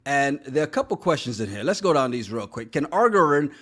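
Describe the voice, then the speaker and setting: A man's voice: mid-range voice, sing-song, fast, slightly rough. A man co-hosting a podcast, chatting casually about a reality show, laughing often and scolding the cast in jest. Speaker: podcast co-host.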